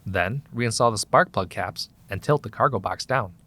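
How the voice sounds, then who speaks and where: A man with a lowish voice reads scripted service instructions in a calm, even, step-by-step manner. It is a clean studio voice-over for a how-to video. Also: normal speed. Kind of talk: scripted narration.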